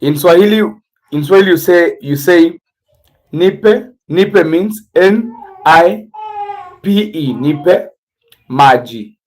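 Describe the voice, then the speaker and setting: A man with an East African accent hosting a casual livestream, teaching words slowly and spelling them out letter by letter. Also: on the high side, lively intonation, rough recording. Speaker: livestream host.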